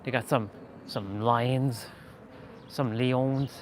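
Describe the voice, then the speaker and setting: A man's voice: medium pitch, steady tone, drawn-out words, a little mellow. Motivational vlogger, male, talking emphatically while walking outdoors, faint street noise. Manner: earnest, emphatic, repeats phrases.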